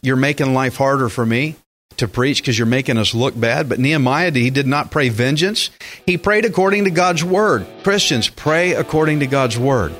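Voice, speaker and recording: A man preaching a radio sermon in an animated way, acting out quotes with big jumps in his voice. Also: medium pitch, moderate pace, soft background music. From Texas. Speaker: pastor.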